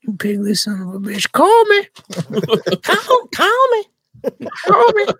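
A man putting on a shrill, taunting goofball voice. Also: huge pitch swings, slow, bright, forceful tone, no room sound, clean studio sound, heavily acted. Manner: squealing, laughing.

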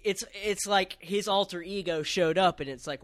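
A man co-hosting a podcast, recapping a story in relaxed casual chat with lots of fillers. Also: sits high, moderate pace, dry recording. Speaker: podcast co-host.

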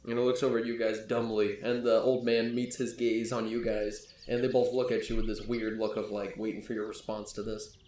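A man's voice: fairly low pitch, level tone, a little fast, a little mellow. A man narrating a tabletop game as game master in a casual, rambling way. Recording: echoey room with faint hum.

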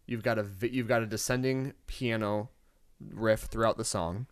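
A man's voice: lowish voice, fairly even intonation, normal speed, clean tone, no echo, clean studio sound. A man co-hosting a music podcast, talking casually in a rambling, playful way, often correcting himself mid-sentence. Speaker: podcast co-host. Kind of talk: casual chat.

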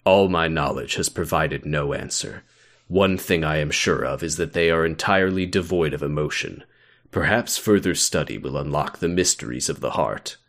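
A man putting on the voice of a grave male scholar-king, reading his research report slowly and solemnly. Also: very deep voice, a bit bright, pitched below the performer's own voice. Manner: slow, solemn, deliberate reading.

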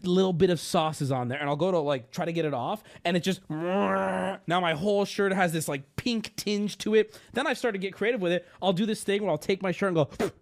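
A man telling a story on his stream as a profane, self-mocking rant, getting heated as it goes. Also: sits high.

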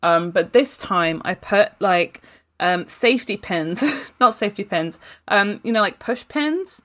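A woman's voice: medium pitch, expressive, a little slow, fairly bright tone. A woman co-hosting a casual book club podcast, telling a story with frequent giggles and ums. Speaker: podcast co-host.

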